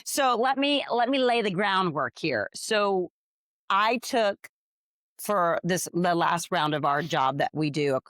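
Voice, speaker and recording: A woman's voice: on the low side, lively intonation, slow pace, fairly bright tone, no echo, clean studio sound. A woman co-hosting a podcast, telling a story with energy and acting out the other people's lines. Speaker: podcast co-host. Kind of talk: casual storytelling chat.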